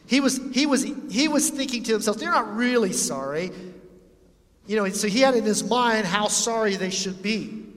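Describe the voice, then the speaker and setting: Preacher in a reverberant hall. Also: male voice, high-pitched, brisk, fairly bright tone. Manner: conversational preaching with acted-out quotes. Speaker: pastor. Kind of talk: sermon.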